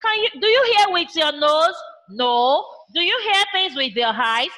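Nigerian lady teaching little kids online, bright animated voice, does animal noises. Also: very high-pitched. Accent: Nigerian English. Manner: slow, sing-song call-and-response teaching with animal sound imitations. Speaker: primary school teacher. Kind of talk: children's online science lesson.

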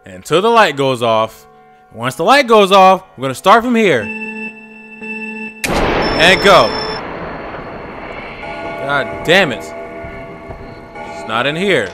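Frantic, swearing man with a lively pitch. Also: slow, pauses often, over music. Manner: swearing, frantic muttering and outbursts. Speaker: gaming YouTuber. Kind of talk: horror game let's play commentary.

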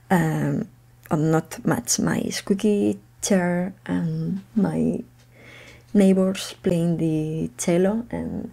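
Woman rambling slow on her podcast, laughs a lot, kinda low voice. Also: gravelly, warm tone. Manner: chatty, hesitant, laughs often. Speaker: podcast host. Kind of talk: casual unedited monologue. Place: home room.

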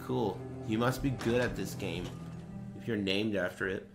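A man chatting casually while streaming a game, swearing and bursting into shouts and laughs. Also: fairly low pitch, moderate pace, creaky, over music. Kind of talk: casual gaming stream chat.

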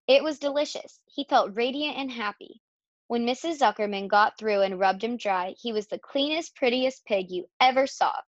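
A woman reads a children's chapter book aloud in a steady, expressive voice. Her voice sits a little high. The recording is dry and somewhat dull. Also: normal speed, dry recording. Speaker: reader. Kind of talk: storybook read-aloud.

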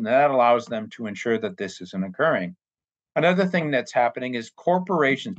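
A man's voice: mid-range voice, fairly bright tone, no echo. Earnest man explaining in a dry, dull recording. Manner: earnest, plain-spoken, acts out short quoted exchanges. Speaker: anti-trafficking speaker. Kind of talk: explanatory talk with acted-out dialogue.

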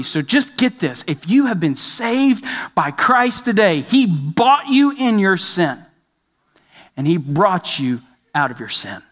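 A male pastor delivers a sermon with emphatic repetition. His voice sits high for a man, and he keeps putting direct questions to the listeners. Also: sing-song, measured pace, fairly bright tone.

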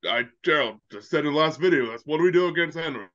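A man co-hosts a sports chat with a sharp, tense, fairly high voice. He is animated and tends to stumble over repeated words. The sound is a bit muffled and lo-fi. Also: quick pace. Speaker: podcast co-host.

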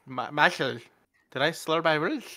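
Man, casual podcast chat, jokey, bright tone, lively pitch. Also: moderate pace. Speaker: streamer, podcast co-host. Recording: voice-chat mic, occasional cutouts.

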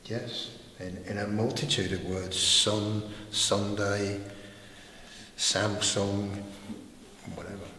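A man co-presenting a pronunciation lesson, comparing sounds in a measured way and listing example words. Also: fairly low pitch, little pitch movement, bright, forceful tone. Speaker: English-speaking co-presenter. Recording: echoey hall, faint background noise.

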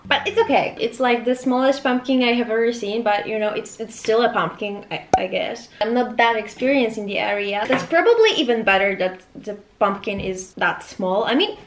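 A woman's voice: a little high, moderate pace, hardly any pauses. A woman in her twenties vlogging casually at home, rambling with nervous, self-mocking asides. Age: 20s. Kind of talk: casual chatty vlog. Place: room at home. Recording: echoey room, faint noise.

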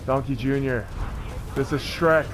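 A man's voice: medium pitch, measured pace, background noise. A man doing a rowdy, profane, over-the-top let's play commentary. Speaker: gamer.

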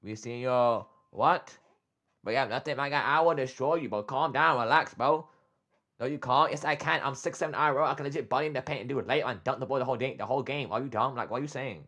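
Excitable bright-voiced young streamer man. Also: medium pitch, fast talker. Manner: excitable, trash-talks chat, repeats "bro". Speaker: streamer reacting to a video. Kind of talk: casual livestream reaction talk.

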